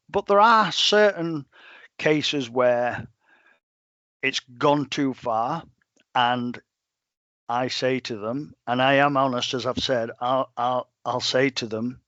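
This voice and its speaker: A plain-spoken English man talks bluntly in a relaxed interview, mid-range in pitch. He keeps acting out what he says to clients. The sound is slightly muffled and dry, with no room echo. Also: takes it slowly. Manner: blunt, plain-spoken, quotes himself a lot. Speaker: professional gun dog trainer. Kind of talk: casual podcast interview.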